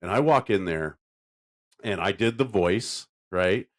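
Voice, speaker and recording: A man co-hosting a podcast in casual chat, telling stories in an animated way and jumping into a high silly voice now and then. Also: unhurried. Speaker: podcast co-host.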